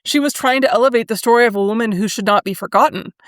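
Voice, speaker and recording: A woman hosting a solo history podcast, talking in a thoughtful, conversational way, with fillers and pauses now and then. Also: on the high side, no echo, studio quality. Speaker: podcast host.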